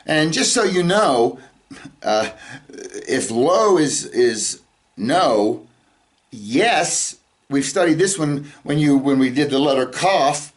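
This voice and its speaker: A man teaching a casual scripture lesson who talks conversationally, pauses often on "uh" and keeps checking in with listeners. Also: on the high side, animated. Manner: conversational, checks in with "all right?" and "okay?"; stops often with "uh" and restarts. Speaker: Bible teacher.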